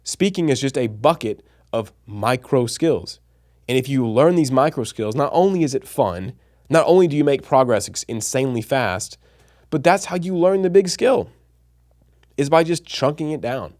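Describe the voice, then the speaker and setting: A man's voice: mid-range voice, expressive, normal speed, darkish tone. A man hosting a casual educational vlog, talking straight to his viewers in an enthusiastic, nerdy, chatty way. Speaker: channel host and coach.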